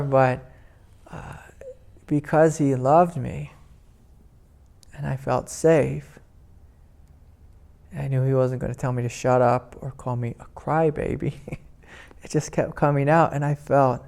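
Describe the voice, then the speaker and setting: A man, a spiritual teacher, giving a gentle, rambling talk at a meditation retreat, full of "you know" fillers. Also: mid-range voice, fairly even intonation, measured pace, gravelly, pauses often. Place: indoor retreat meeting room.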